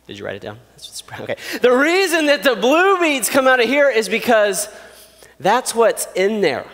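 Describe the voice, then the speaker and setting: A man giving a youth sermon in a playful, animated way, acting out little scenes. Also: extremely high pitch, normal speed, long reverb tail. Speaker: youth pastor.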